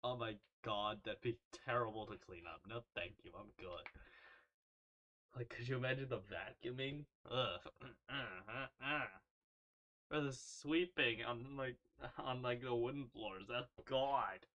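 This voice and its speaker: A man's voice: medium pitch, takes it slowly, pushed and bright, dull audio. A young man casually commenting while playing a visual novel, goofy, rambling and self-mocking, swearing and laughing often. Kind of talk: casual let's-play commentary.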